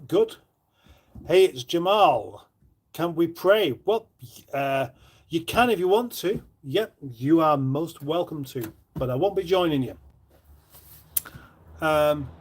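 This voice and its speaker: A man chats his way through a live stream from his kitchen, his voice sitting a little higher than most men's. He reads viewer messages aloud and answers them in a rambling, dry and self-mocking way. He sounds middle-aged and easygoing. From northern England. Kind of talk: casual live stream chat, reading out viewer comments. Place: home kitchen.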